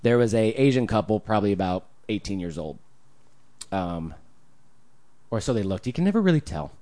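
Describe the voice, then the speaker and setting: A man co-hosting a casual podcast chat, an animated storyteller who swears freely. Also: on the low side, brisk. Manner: animated storyteller, swears freely, jumps into loud put-on voices. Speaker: podcast co-host.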